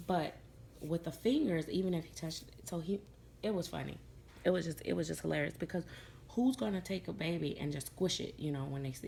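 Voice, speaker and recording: A woman's voice: on the low side, vocal fry, a little mellow, slight background noise. A middle-aged woman chatting casually to her viewers, telling a funny story about her dolls and laughing along as she acts out what others said. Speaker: doll collector vlogger.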